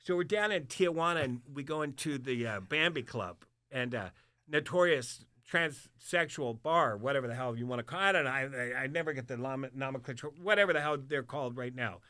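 A man's voice: mid-range voice, a little fast, bright, forceful tone, no room sound, clean studio sound. An older man telling a wild story in casual chat, profane and laughing through it. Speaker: guest storyteller.

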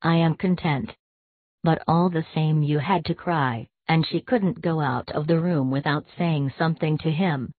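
Audiobook narrator, woman, measured and hushed; low voice, dry phone-line sound. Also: no echo. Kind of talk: scripted narration.

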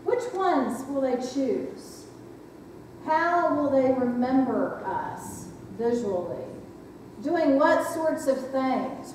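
A woman's voice: a little high, a little mellow, a little hiss or hum. A woman pastor giving a reflective sermon, often asking the congregation questions. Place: church sanctuary. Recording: echoey church hall from far off.

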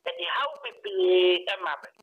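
A man's voice: high-pitched, flat delivery, a little slow, narrow, tinny audio. A man from Ghana, a community union chairman, giving earnest, pleading advice to fellow nationals in an interview. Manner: pleading, appealing to listeners.

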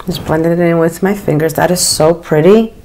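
A woman in her forties or fifties chatting through a makeup routine, gushing with frequent excited oohs. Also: fairly low pitch, moderate pace, gravelly, slight background noise, low-quality recording. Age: 40s or 50s. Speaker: beauty vlogger. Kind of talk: casual makeup get-ready-with-me chat.

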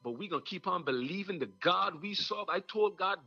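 Fervent young Virgin Islands preacher, high voice. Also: male voice, expressive, moderate pace, gravelly, hardly any pauses, pushed and bright, slightly rough. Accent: Virgin Islands Creole English. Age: young adult. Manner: fervent, repetitive preaching cadence. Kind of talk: impassioned sermon testimony. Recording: dull lo-fi recording.

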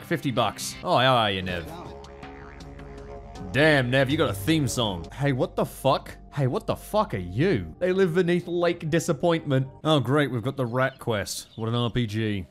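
A young Australian man giving excitable, foul-mouthed let's play commentary. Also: mid-range voice. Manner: excitable, swears a lot, laughs often. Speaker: gaming YouTuber.

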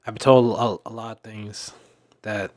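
Young man, slightly deep voice, candid vlog, tired and emotional, halting, repeats words, sighs. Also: steady tone. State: emotional and weary. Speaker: fan dub director and content creator. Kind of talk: candid personal vlog monologue.

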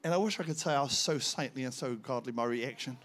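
An older man, preaching a sermon in church, telling personal stories and acting out the dialogue with bursts of shouting. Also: medium pitch, fast talker. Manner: storytelling, animated, bursts into shouts when acting out scenes. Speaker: visiting pastor.

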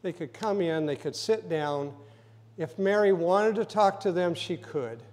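A man preaching a sermon as pastor, telling the story vividly and acting out scenes, sometimes rising to loud emphasis. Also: high voice, expressive, measured pace, big-room sound. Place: church sanctuary.

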